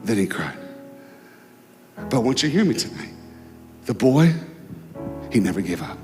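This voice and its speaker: A man giving an emotional, dramatic inspirational talk as a guest speaker before a large crowd, telling a story with pauses and swells. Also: a little high. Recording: long hall reverb, faint music.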